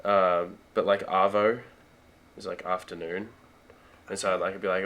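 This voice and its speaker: A young man with an Australian accent, chatting casually as an interview guest, relaxed and full of fillers and restarts. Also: deep voice, a little slow, slight background noise. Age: young adult. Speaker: guest, college football player.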